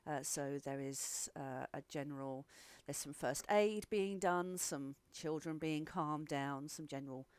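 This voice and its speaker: A woman's voice: sits low, measured pace, few pauses, clear, resonant tone, dry recording. Woman running a tabletop game. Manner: chatty, with frequent fillers. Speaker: game master.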